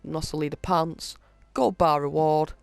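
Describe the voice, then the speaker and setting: Brief: male gaming host, slightly high voice with gravelly fry, reads item lists haltingly, casual walkthrough tone. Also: fairly even intonation, dry recording, faint music behind. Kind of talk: casual game walkthrough commentary.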